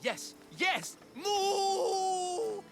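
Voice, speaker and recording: A man's voice: very high voice, expressive, drawn-out words, heavily acted. An actor playing a bumbling, cheerful father in a Minotaur costume in a video game, with an eager, theatrical manner. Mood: proud. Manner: theatrical, eager, boastful roaring. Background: game music.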